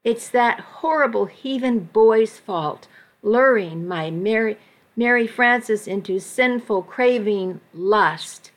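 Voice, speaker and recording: A woman voicing a zealous, furious mother who shouts imperiously, reading a story aloud. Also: on the high side, slow pace. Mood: ranting.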